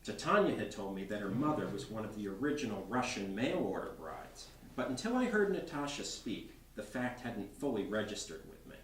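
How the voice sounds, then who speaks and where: A man's voice: lowish voice, very animated, fairly quick, hardly any pauses, a little hiss or hum. A man, a novelist, reading his novel aloud expressively at a bookstore. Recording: roomy bookstore from far off.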